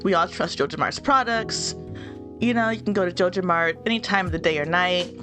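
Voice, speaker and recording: A woman's voice: fairly low pitch, fairly quick. A young woman with a stuffy nose, chatting and giggling casually as she plays a game. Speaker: let's play host. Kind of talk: casual gameplay commentary. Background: faint game music.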